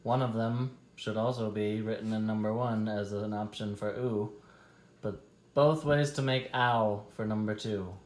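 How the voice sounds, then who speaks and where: Slow, deliberate male teacher in a roomy echo. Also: fairly low pitch, fairly even intonation. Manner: slow, deliberate, stretches out test words. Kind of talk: dictating a spelling test.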